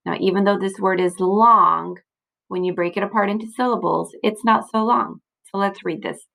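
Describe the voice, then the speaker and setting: A woman's voice: mid-range voice, steady tone, moderate pace, vocal fry, a bit bright, low-quality recording. A woman teacher walking young students through a recorded slideshow lesson, patient and encouraging, often checking in with "okay?" and "right?". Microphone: computer mic, screen recording.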